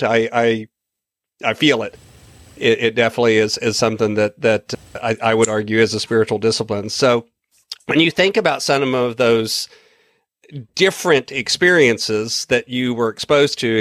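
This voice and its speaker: A podcast host with a mid-range, slightly bright voice, fairly even intonation and a moderate pace conducts an interview, reassuring his guest and asking thoughtful questions with many restarts. The sound is clean studio audio with no echo.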